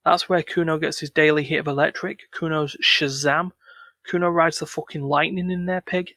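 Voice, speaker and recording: A man reads out a crude, menacing teenage boy who swears at every turn, in a slightly high voice. The reading is dry and close, with no room sound. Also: steady tone, normal speed, bright, forceful tone, dry recording. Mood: taunting. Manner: crude, taunting, swears constantly. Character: foul-mouthed aggressive teenage boy, menacing.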